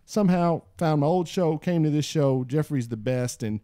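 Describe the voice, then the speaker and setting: A male podcast host talking in loose, casual chat. His voice is mellow and dark, recorded close and dry, and he leaps up in pitch for emphasis when he reads out listener posts. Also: normal speed, no room sound. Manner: animated, jumps high in pitch for emphasis.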